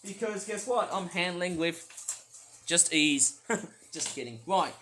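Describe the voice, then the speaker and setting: Grumpy vlogger ranting away, rambly, keeps restarting, yells now and then. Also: medium pitch, expressive, slow, slight background noise. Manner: grumpy, ranting, bursts into shouting; rambling, repeats and restarts often. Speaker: toy review vlogger. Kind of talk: ranting commentary vlog.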